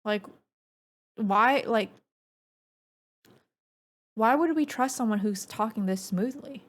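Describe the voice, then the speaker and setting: Woman streamer, casual game commentary, chatty and rambling, relaxed low voice. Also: slow pace. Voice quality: naturally low, relaxed speaking voice. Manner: rambling, filler-heavy, chatty.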